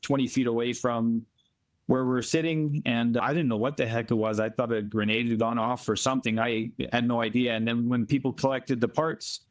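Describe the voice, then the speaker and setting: A man from Canada, a volunteer being interviewed remotely, telling earnest stories in a plainspoken, emphatic way and slowing down to stress points. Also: medium pitch, steady tone. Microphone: remote call from abroad.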